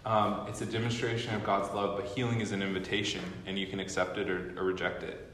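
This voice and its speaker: A young man giving a guest teaching at a training school, telling stories in an animated way and acting out what people said. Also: sits low, fast, a little hiss or hum. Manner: animated storyteller acting out quotes. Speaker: guest lecturer. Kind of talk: storytelling sermon. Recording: echoey hall with long reverb.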